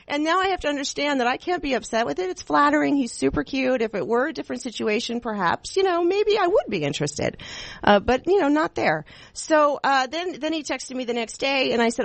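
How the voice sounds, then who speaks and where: A woman hosting a talk radio show, chatting in a rambling, giggly, animated way into a studio microphone. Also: sits high, brisk, creaky, no room sound. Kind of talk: casual talk radio chat.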